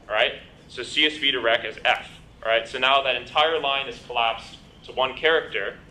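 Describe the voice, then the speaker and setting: A man lecturing a programming bootcamp, walking through code on the fly. His voice is bright and forward, his delivery chatty and full of ums. The recording carries the echo of a lecture room and a faint hiss underneath. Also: mid-range voice. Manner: explains with many ums and you-knows, asks "right?". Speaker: bootcamp instructor. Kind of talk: live lecture with coding demo. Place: lecture hall.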